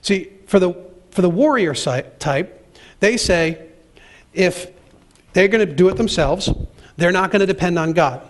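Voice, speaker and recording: A man's voice: high voice, animated, a little slow, long pauses. A man preaching a sermon and reading scripture aloud, with dramatic pacing and emphatic, acted-out quotes. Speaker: pastor.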